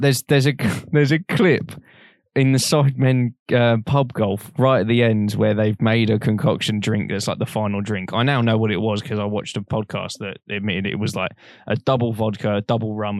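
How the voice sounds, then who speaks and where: A young man co-hosts a casual podcast, telling his stories with lively energy and plenty of swearing. His voice sits low, and the sound is close and dry, with no room around it. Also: normal speed, no echo. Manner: swears a lot, animated storytelling. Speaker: podcast co-host. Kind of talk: casual chat.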